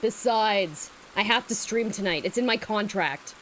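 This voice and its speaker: A woman's voice: mid-range voice, a little slow, a bit bright, a little hiss or hum, lightly acted, low-quality recording. A woman voicing a brooding, angsty male hedgehog in a fanfiction reading. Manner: angsty, sulky.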